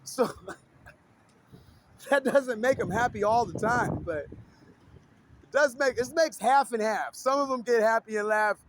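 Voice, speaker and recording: High-voiced man rambling and cursing. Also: unhurried, pauses often, background noise. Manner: rambling, profane, laughs often. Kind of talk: casual rambling vlog monologue.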